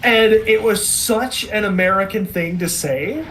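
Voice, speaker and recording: Excitable man rambling with high pitch. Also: measured pace. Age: 30s. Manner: enthusiastic, rambling with restarts. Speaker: podcast co-host. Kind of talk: casual chat.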